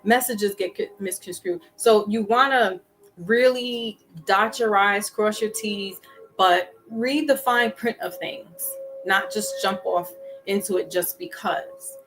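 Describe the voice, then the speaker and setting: Woman tarot reader, chatty, mid pitch, casual delivery, faint music behind. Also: slow, fairly bright tone, low-quality recording. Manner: chatty, frequent restarts and fillers.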